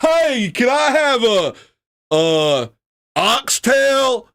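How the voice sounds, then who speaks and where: Brief: brash shrill swaggering man ordering food, high and hammy as a man puts it on. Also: big pitch swings, drawn-out words, gravelly, a bit bright, heavily acted. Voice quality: shrill and exaggerated.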